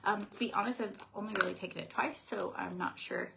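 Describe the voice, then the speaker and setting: A woman's voice: medium pitch, steady tone, fast talker, gravelly, a bit bright, slight background noise. A woman vlogger in casual chat, chatty and laughing often.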